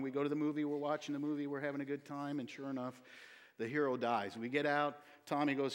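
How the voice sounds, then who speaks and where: A man's voice: medium pitch, level tone, fast talker. Male pastor, mid voice, casual storyteller; long hall reverb. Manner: folksy, chatty storyteller with many fillers. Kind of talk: sermon with church announcements. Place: church sanctuary.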